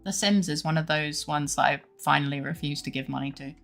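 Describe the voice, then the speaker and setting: A woman's voice: sits low, brisk, gravelly, fairly bright tone, soft background music. A woman streamer chatting casually with her viewers, rambling and laughing often.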